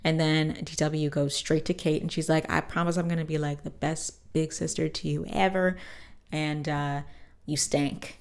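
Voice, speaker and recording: A woman's voice: low-pitched, level tone, moderate pace, smooth. A woman hosting her show, casually retelling a cartoon episode and acting out the characters' lines in put-on voices. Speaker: podcast host.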